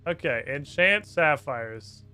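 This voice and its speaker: Over faint background music, a man with a fairly high pitch and lively intonation takes his time, his tone sharp. Playing a video game on stream, he mutters profane, sarcastic commentary to himself.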